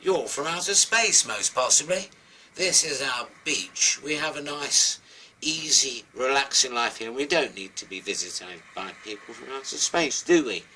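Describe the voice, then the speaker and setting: A man's voice: medium pitch, expressive, moderate pace, bright, forceful tone, slight background noise, rough recording. A man voicing an easygoing but indignant male crab in a children's picture story, with a fussy, old-fashioned way of talking.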